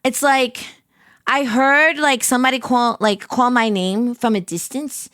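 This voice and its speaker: A woman streamer in casual, rambling chat with her viewers, excitable and heavy on filler words. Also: fairly high pitch, unhurried, no echo, clean studio sound.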